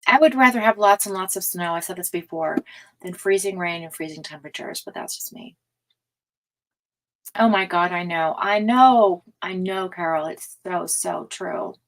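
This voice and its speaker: A woman's voice: fairly low pitch, unhurried, pauses often, poor audio. A woman hosting a casual livestream, chatting with viewers, reading their comments aloud and laughing often. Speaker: tarot livestream host.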